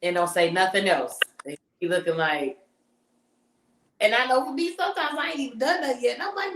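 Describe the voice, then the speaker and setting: A woman's voice: fairly high pitch, animated, fairly quick, a bit bright, echoey room. A woman co-hosting a podcast, talking casually and leading the segment. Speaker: podcast co-host. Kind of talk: casual chat.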